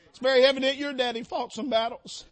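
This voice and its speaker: A man's voice: very high voice, fairly even intonation, fast talker. A man preaching a sermon in a church, impassioned and calling out to the congregation. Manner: impassioned, rising and falling, calls out to the congregation. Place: church sanctuary.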